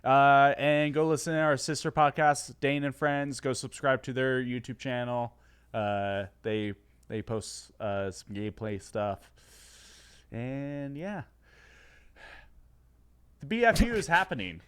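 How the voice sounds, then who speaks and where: A man co-hosting a podcast between friends, excitable and rambling, often restarting his sentences in casual chat. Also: mid-range voice, takes it slowly, clear, resonant tone. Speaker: podcast co-host.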